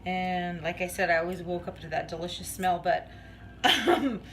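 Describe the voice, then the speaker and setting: A woman's voice: on the low side, normal speed, fairly bright tone, a little hiss or hum, poor audio. A woman vlogging as she bakes in her home kitchen, chatting in a rambling way and laughing often. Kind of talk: casual chat while baking.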